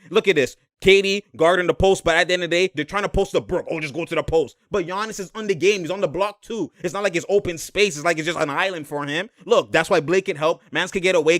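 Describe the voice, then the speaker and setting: A man giving a slangy, excited breakdown of basketball game film, laughing often and repeating himself. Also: a little high, no echo, studio quality.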